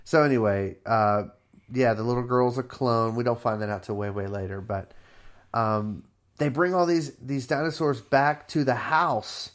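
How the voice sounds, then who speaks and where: Male co-host, casual, slangy storyteller, relaxed podcast delivery. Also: mid-range voice, moderate pace. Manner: slangy, relaxed retelling of a film plot. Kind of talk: casual chat.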